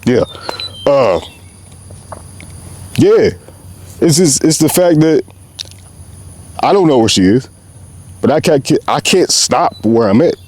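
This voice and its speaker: Passionate rambling young man, mellow voice. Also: mid-range voice, animated, takes it slowly, pauses often. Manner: passionate, rambling, slangy, often says "bro". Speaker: podcast host. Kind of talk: unscripted heartfelt monologue.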